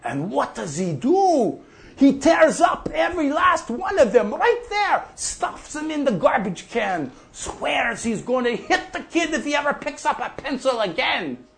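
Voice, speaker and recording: Man as an old farmer, gravelly, slow, lively high voice, folksy, profane. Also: full character voice. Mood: rambling. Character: older male prairie farmer off the drink, gruff storyteller. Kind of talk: monologue.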